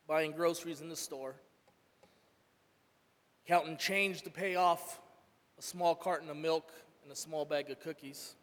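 Earnest male church speaker, slightly high voice, long reverb of a hall. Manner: earnest, swells loud then drops soft. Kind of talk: emotional sermon testimony.

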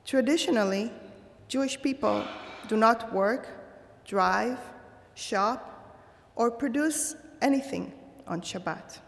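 A woman giving a slow, measured and thoughtful holiday sermon. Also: fairly high pitch, vocal fry, long reverb tail. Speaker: religious speaker.

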